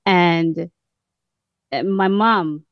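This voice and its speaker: A woman with a British-sounding accent, a caller giving a measured, earnest testimony on a call-in program. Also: fairly low pitch, no echo, muffled recording. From United States.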